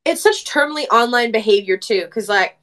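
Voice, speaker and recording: A woman from Canada co-hosting a casual commentary chat, talking in an animated way and stacking up rapid rhetorical questions. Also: a little high. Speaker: podcast co-host.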